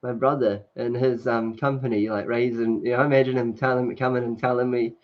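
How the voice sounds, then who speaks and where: Man, casual livestream chat, laughs a lot, mid pitch, muffled lo-fi sound. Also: fast talker. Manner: chatty, laughs often, many fillers. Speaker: livestream host. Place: indoors at home, sunny. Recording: dull lo-fi stream audio.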